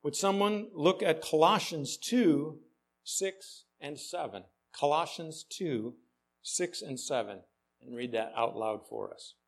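A man's voice: fairly high pitch, lively intonation, takes it slowly, creaky. A male pastor preaching a sermon with dry, ironic humor, often questioning the congregation.

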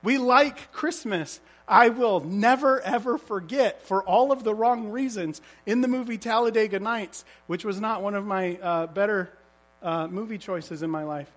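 A man's voice: sits high, moderate pace, a bit bright. A man preaching a sermon as a pastor, telling stories vividly and asking the congregation rhetorical questions.

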